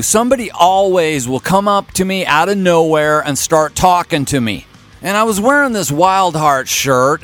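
A man's voice: on the high side, a bit bright. Wry, folksy man in his fifties. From Kansas City area, USA. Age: 50s. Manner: folksy, wry and self-mocking. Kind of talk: casual storytelling monologue.

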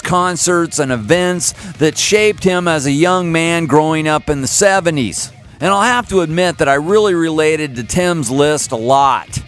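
A man hosts a music podcast, talking in an unhurried, wry manner. His pace is very slow and his voice sits a little high. Faint music plays underneath. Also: fairly bright tone. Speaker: podcast host. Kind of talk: casual podcast talk.

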